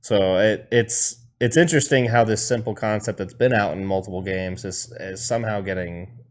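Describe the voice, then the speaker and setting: A man on a podcast talks in a relaxed, easygoing way, pausing now and then to find his words. His voice sits a little low for a man. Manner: laid-back, hesitant with fillers. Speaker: podcast co-host. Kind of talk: casual chat.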